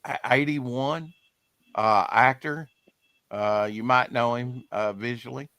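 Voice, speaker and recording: A man hosts a casual podcast about comic art, chatting in a rambling way. His voice is bright and forceful, and the sound is dry and close. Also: mid-range voice, steady tone, slow, dry recording. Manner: chatty, rambling, reads promos aloud. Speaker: podcast host.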